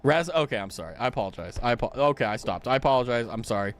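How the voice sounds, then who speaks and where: A man's voice: medium pitch, animated, rapid-fire, a little hiss or hum. A man streaming a game, chatting casually and joking at his own expense. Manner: joking, rambling, self-mocking. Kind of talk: casual chat.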